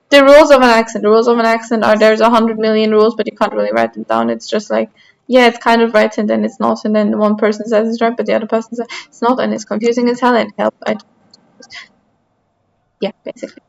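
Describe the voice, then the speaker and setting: A woman's voice: on the high side, animated, quick pace, vocal fry, poor audio. Chatty woman streamer, light Austrian accent. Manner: chatty, rambling, answers chat while playing. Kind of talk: casual gaming stream chat.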